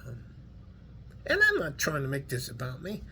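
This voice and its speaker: A man's voice: mid-range voice, wildly swooping pitch, normal speed, bright, forceful tone, slight background noise. A middle-aged man with a West Texas accent, talking to his viewers in a rambling, earnest, folksy way with salty language. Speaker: vlogger. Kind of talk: casual heartfelt monologue to viewers.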